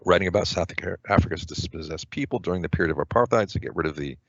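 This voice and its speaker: A man with a very low voice talks through test grammar questions, trying out each answer choice half under his breath. The sound is dry and a little dull, like a desktop screen recording. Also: lively intonation, quick pace, no room sound. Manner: thinks aloud, mutters answer choices to himself. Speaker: test prep tutor.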